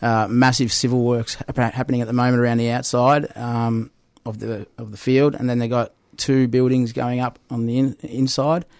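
Unhurried man, dry. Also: mid-range voice, little pitch movement, darkish tone, no echo. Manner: unhurried, hesitant, many "uh" and "um" fillers. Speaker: guest describing a construction site. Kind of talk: casual podcast chat.

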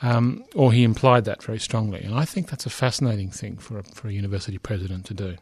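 A man's voice: on the low side, quick pace, darkish tone, slightly rough, no echo. A middle-aged man lecturing, reading a news report aloud with frequent asides, fillers and restarts.

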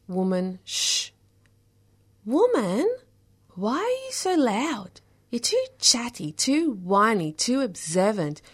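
A woman performing a spoken word poem in the voice of a domineering man who keeps scolding and hushing a woman. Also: a little high, slightly rough, pitched above the performer's own voice, heavily acted. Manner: scolding, repeated hushing commands.

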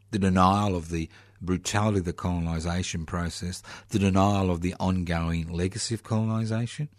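A man's voice: deep voice, no room sound, studio quality. A man giving a sardonic political monologue full of rhetorical questions, leaning hard on key words. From Australia. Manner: sardonic, rhetorical questions, slow emphatic stresses.

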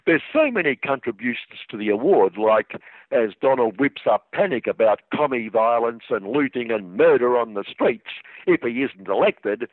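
A man's voice: mid-range voice, phone-quality sound. Man, sarcastic radio satire, dry delivery, phone-thin sound, no room reverb. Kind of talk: scripted satirical commentary.

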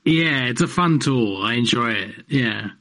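A man in a radio studio talks loosely about his comedy work. He restarts his sentences, stumbles over words and laughs often, and his voice sits at an ordinary middle pitch. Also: lively intonation, a little slow, sharp tone. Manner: rambling, self-interrupting, laughs often. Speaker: comedian guest. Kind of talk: casual interview chat.

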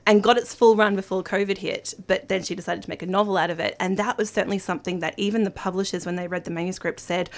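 A woman's voice: mid-range voice, fast talker, few pauses. A woman with an Australian accent, an author and literary agent talking enthusiastically as a radio guest. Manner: chatty, enthusiastic. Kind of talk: casual radio interview.

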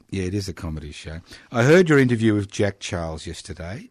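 A man's voice: sits low, very animated, fairly quick, no echo. A man in his sixties with an Australian accent, hosting a casual community radio chat in a studio, teasing and jokey. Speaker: radio host.

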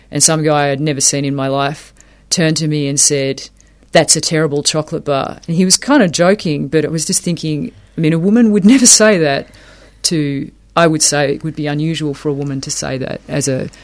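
A man explaining academic ideas in an interview, thoughtful, often repeating words as he works a point out. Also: fairly high pitch.

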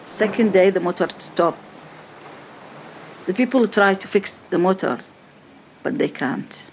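A middle-aged woman giving personal testimony, speaking slow, halting non-native English in short phrases. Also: medium pitch, a little hiss or hum.

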